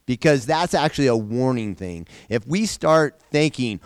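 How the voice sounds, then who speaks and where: A man's voice: medium pitch, expressive, moderate pace, few pauses, smooth, dry recording, clean studio sound. A man leading an informal Bible lesson for a group, talking conversationally, repeating phrases and asking the class questions. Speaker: Bible study teacher.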